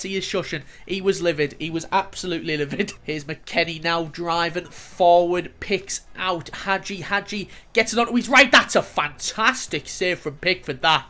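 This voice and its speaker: A man narrates his football game career highlights in a relaxed, chatty way. His voice jumps in pitch and volume at every chance and goal, and he sometimes swears or chuckles at the replays. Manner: excitable, rising sharply on chances and goals. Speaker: gaming YouTuber. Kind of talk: casual commentary over gameplay highlights.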